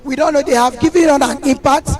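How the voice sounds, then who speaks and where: A hoarse woman with a Nigerian accent, speaking as a community representative at a public meeting, earnest and grateful, with many restarts. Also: high-pitched, steady tone, fast, darkish tone. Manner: earnest, thanking, rambling with restarts.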